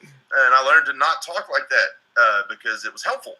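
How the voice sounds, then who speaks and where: A man's voice: mid-range voice, animated, normal speed, sharp tone, poor audio. A man from Tennessee with a Southern accent, chatting casually and profanely on a live stream, telling joking stories. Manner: profane, joking, drawling storyteller. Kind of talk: casual chat.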